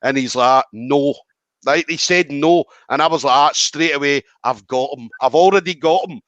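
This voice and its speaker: A man's voice: a little high, moderate pace, no room sound. A man hosting a podcast, telling a story in casual chat and acting out the quoted lines. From Scotland. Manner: animated, acts out quoted lines, swears freely. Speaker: podcast host. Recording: dry, slightly dull audio.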